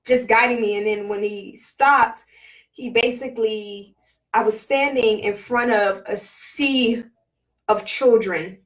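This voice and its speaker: A woman vlogger telling a personal spiritual story in a casual, halting way, full of fillers and emotion. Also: medium pitch, recorded from a distance, low-quality recording.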